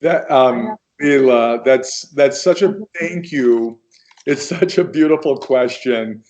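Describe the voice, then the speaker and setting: An American man speaking as a guest on a video call, talking in a slow, gentle and encouraging way. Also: mid-range voice. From United States.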